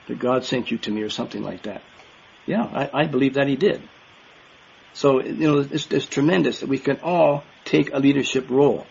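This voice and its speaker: A man's voice: mid-range voice, moderate pace, vocal fry, darkish tone, slightly rough, dull audio. An older man giving an earnest, emphatic sermon to a congregation, repeating key words for stress. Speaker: minister.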